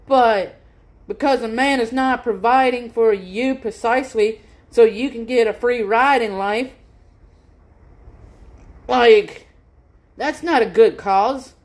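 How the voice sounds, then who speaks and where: A woman's voice: a little high, slow, pauses often. A woman hosting a livestream, giving blunt, opinionated reaction commentary and swearing freely. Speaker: livestream host.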